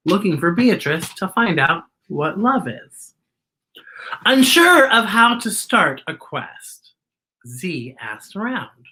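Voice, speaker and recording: A woman's voice: mid-range voice, sing-song, takes it slowly, sharp tone. A woman reading a picture book aloud to children, with chatty asides about the illustrations. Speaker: children's story reader.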